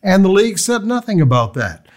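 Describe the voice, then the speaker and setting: A man's voice: high-pitched, big pitch swings, brisk. A man co-hosting a talk radio show, recapping a news story with plenty of hesitations. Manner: hesitant, lots of uh fillers. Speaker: radio co-host.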